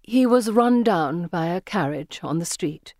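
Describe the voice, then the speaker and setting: A woman's voice: fairly low pitch, animated, measured pace, a little mellow, no echo, studio quality. A woman voicing a stern middle-aged headmistress, clipped and subdued, in an audiobook reading. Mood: sorrowful.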